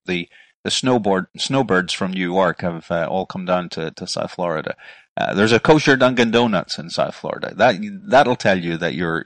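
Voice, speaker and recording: A man's voice: low voice, fairly bright tone. A middle-aged man with a Northern Irish accent, speaking earnestly as a ministry guest in a conversational interview, often repeating words as he starts a phrase.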